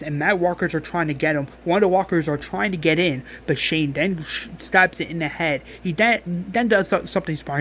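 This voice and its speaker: A man casually recapping a story aloud, rambling and halting with many restarts. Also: a little high, a little hiss or hum. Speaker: narrator recapping a fan series episode.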